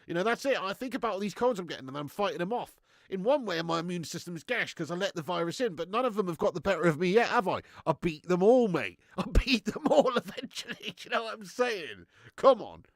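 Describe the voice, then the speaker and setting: Chatty lad with a cold. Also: male voice, high-pitched, sing-song, quick pace, dry recording, clean studio sound. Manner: chatty, laughing, slangy banter. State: has a cold. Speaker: livestream host. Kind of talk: casual live-stream chat reading comments. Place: home garage.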